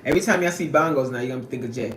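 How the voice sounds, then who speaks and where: A woman hosting a casual livestream from her workplace on a lunch break, reading out chat and laughing often in an animated way. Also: rapid-fire, roomy sound, a little hiss or hum. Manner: animated, laughs often, swoops up high when excited.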